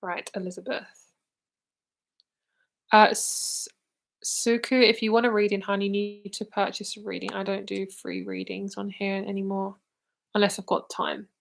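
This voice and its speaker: Here is a chatty woman reading tarot live, blunt and quick to laugh. She sounds tired and keeps yawning between cards, yet stays eager. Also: medium pitch, level tone, vocal fry. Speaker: tarot reader.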